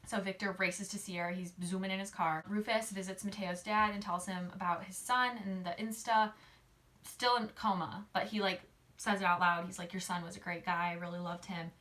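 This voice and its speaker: Woman, casual book recap, chatty, lots of fillers, quick quoted asides. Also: medium pitch, steady tone, a bit bright. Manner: chatty, filler-heavy, uses "like" a lot; acts out characters' lines in quick quoted voices. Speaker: book summary host.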